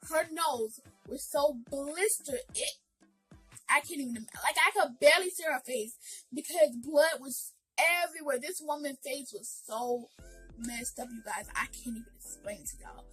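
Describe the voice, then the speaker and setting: Woman vlogger, high bright voice, earnest storytime, talks straight to viewers. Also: very animated, measured pace, soft background music, rough recording. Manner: earnest, addresses viewers directly, many fillers. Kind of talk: emotional storytime.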